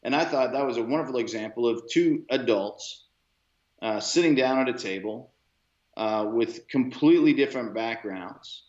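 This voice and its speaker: A male podcast co-host chats casually and rambles along, full of fillers and restarts. His voice is medium-pitched, a little mellow, at a moderate pace, and the recording sounds roomy, dull and lo-fi.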